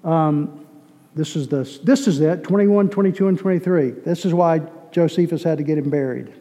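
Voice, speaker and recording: Man, from Boston, teaching sermon, fairly high voice, dark mellow tone, long hall reverb. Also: normal speed. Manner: conversational, repeats words, quizzes the audience.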